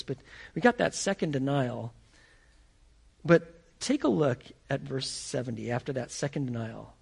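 A man preaching a sermon in an animated, conversational way, acting out the scenes he describes. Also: high-pitched, creaky. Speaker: pastor.

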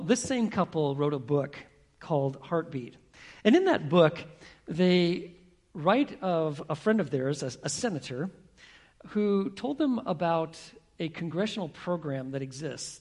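Gravelly, husky preacher telling a story. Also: male voice, a little high. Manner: storytelling, asks the congregation questions. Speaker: pastor. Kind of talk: sermon.

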